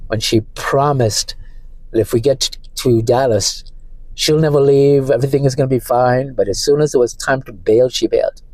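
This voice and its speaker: A shaken man talking through a distressed personal monologue from his parked car, halting and repeating himself. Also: medium pitch, a little mellow, no echo, low-quality recording. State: emotionally shaken. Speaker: vlogger.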